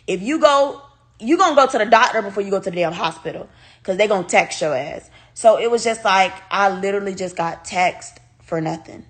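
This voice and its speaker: An American woman vlogger, medium-pitched and a bit bright, speaks a little fast as she tells a personal story to camera. Her delivery is loose and casual, addressing viewers directly, stressing words heavily and swearing freely.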